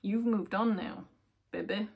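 A woman giving a casual, chatty tarot reading, with many fillers and soft, near-whispered asides. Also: mid-range voice, steady tone, measured pace, creaky, a little hiss or hum. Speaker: tarot reader.

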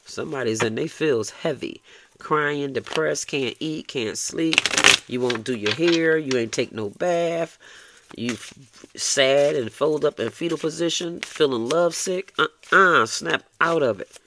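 A man's voice: fairly high pitch, measured pace, slight background noise. A man giving a tarot reading, blunt and coaxing, swearing freely and ending lines with "okay?". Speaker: tarot reader.

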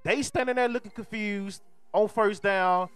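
A hoarse male streamer delivers an exasperated sports rant and hammers the same points again and again. His voice sits high despite the strain. Faint music plays underneath. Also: measured pace, a bit bright, no echo. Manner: exasperated, repeats his complaints.

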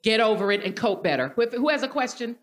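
A woman's voice: fairly high pitch, expressive, quick pace. Blunt, emphatic woman moderator. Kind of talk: live onstage conversation.

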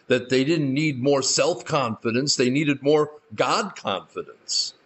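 A man preaching a sermon as a Bible teacher, in an earnest storytelling manner with light touches of humor. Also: medium pitch. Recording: muffled lo-fi recording.

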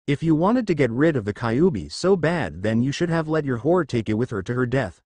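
A man reading as a furious, sharp-tongued young kunoichi. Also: medium pitch, big pitch swings, fairly quick, no room sound. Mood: seething. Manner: seething, insulting.

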